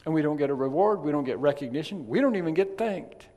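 A man preaching a sermon, chatty in his asides and then emphatic and loud on key points. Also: on the high side, lively intonation, fast. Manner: conversational, swings from quiet asides to emphatic loud stresses. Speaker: pastor. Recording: long reverb of a large hall.

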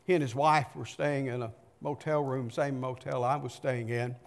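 A man's voice: mid-range voice, steady tone, moderate pace, gravelly. An older man preaching a sermon, reading scripture aloud and pressing the point with emphatic rhetorical questions. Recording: long reverb from a large hall.

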